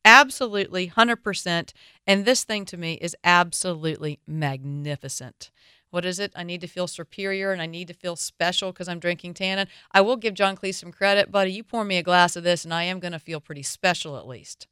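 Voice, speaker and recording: A woman's voice: on the low side, fairly quick, a bit bright, clean tone, no echo, studio quality. A woman with a Southern US accent hosting a radio wine show, talking in a chatty, opinionated way with playful asides.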